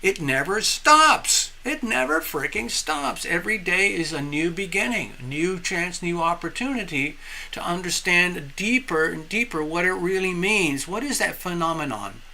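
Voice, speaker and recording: Bright-voiced man reading tarot. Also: high voice, animated, a little slow. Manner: rambling, spiritual, repetitive. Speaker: tarot reader.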